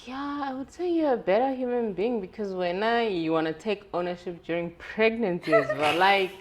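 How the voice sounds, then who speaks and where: A young woman hosting a casual interview, relaxed and probing, who laughs easily. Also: medium pitch, normal speed. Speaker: host. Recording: faint background noise.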